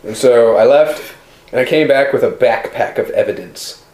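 A man's voice: medium pitch, normal speed, darkish tone, a little hiss or hum. A man in his twenties co-hosting a podcast, telling stories in a playful, insistent way. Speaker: podcast co-host. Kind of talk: casual podcast banter. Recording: roomy studio.

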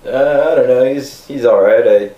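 Laconic mellow-voiced male guest. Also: medium pitch, moderate pace, dull audio. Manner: laconic, dry, short replies. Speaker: podcast guest. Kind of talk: casual podcast banter. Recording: roomy studio.

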